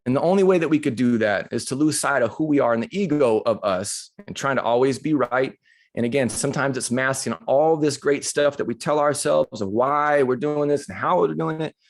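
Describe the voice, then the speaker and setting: A middle-aged man giving a motivational talk to a live audience, telling a personal story in an animated, conversational way that turns emotional. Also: medium pitch, fairly quick. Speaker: motivational speaker. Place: live retreat session.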